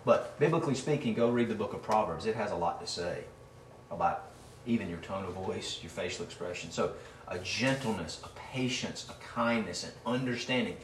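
A man preaching a sermon as pastor, animated, swinging between loud emphasis and quiet asides. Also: fairly low pitch, brisk. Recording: roomy sound from a distant mic with faint room noise.

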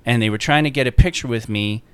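Male co-host, smooth mid voice, loose anecdotal delivery. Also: medium pitch, fast talker, no room sound. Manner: rambling, quotes others in anecdotes. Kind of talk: casual chat, storytelling.

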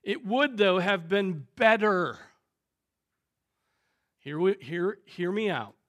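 High-voiced, bright preaching man. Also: expressive, slow. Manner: emphatic preaching with piled-up phrases and strong swings in loudness. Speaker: pastor. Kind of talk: sermon. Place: church sanctuary.

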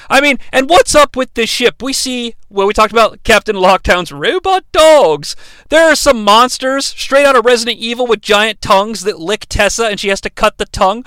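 A man's voice: high voice, expressive, normal speed, pushed and bright, smooth, dry recording. A young man hosting a comedic bad-movie recap, sarcastic, profane and rambling. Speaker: host, bad-movie reviewer.

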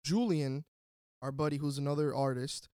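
A podcast host with a fairly high, smooth voice tells a story at a moderate pace in casual chat, animatedly acting out what people said. The sound is clean studio quality with no room sound.

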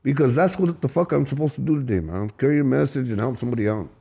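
A man's voice: mid-range voice, lively intonation, quick pace, creaky, warm tone, husky. A man telling his recovery story in an emphatic, profane, emotional way, often repeating and restarting his words. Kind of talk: candid storytelling.

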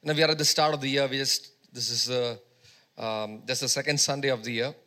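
A man's voice: medium pitch, steady tone, a little fast, bright, forceful tone. A man preaching a sermon as pastor at a church service, prompting the congregation to repeat words back to him in call-and-response.

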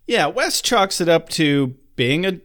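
A male podcast co-host recaps a TV episode in loose, sarcastic chat, cursing freely. His voice sits a bit high and swings widely in pitch. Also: unhurried. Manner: animated, sarcastic, swears freely.

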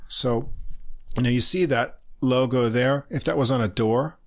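A man's voice: mid-range voice, normal speed. A man co-hosting a casual podcast, easygoing and full of "uh" fillers. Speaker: podcast co-host.

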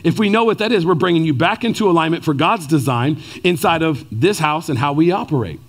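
Male pastor, 30s, chatty animated sermon style, high and very expressive pitch. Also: fairly quick. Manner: animated, conversational preaching with many "right?" asides.

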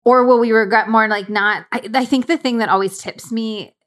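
A woman's voice: a little high, steady tone, moderate pace, a bit bright. A young woman hosting a podcast, chatting casually and thoughtfully into a studio microphone, with lots of filler words. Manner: chatty, reflective, many fillers. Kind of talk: casual chat. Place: recording studio.

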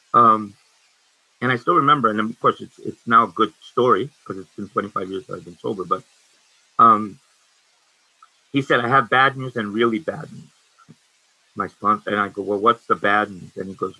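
Husky, forceful man in his sixties. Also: fairly low pitch, no room sound, poor audio. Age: 60s. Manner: halting, frank and rambling, with many restarts. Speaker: recovery speaker sharing his story. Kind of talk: personal testimony at a meeting.

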